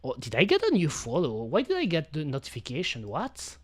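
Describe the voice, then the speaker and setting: A woman's voice: low-pitched, huge pitch swings, brisk, a little mellow, breathy edge, no echo. A woman streaming from home into a studio microphone, chatting casually with slightly non-native phrasing. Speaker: VTuber streamer. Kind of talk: casual chat.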